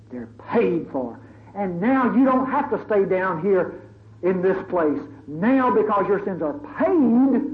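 A preacher voicing a divine savior who proclaims to the dead in a solemn, declaiming manner. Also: male voice, sits high. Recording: tinny phone-like recording, faint hiss.

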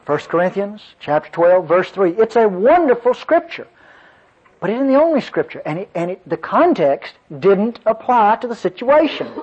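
Telling a story in a folksy sermon, a pastor calls out to his congregation in a high-pitched, very animated voice that is darkish with a breathy edge, at a moderate pace. The recording is dull and lo-fi.

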